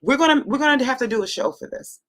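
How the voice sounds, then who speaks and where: A woman's voice: high-pitched, animated, fast, very noisy. Gushing, stammering woman livestream host. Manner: emotional, gushing, stammers and repeats herself. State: moved to near tears. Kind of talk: casual livestream chat.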